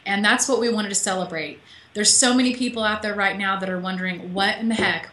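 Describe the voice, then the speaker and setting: A woman's voice: mid-range voice, a little fast, pushed and bright, roomy sound. A woman author being interviewed over a call from her home office, chatty and emotional, laughing often. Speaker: author guest. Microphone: call audio.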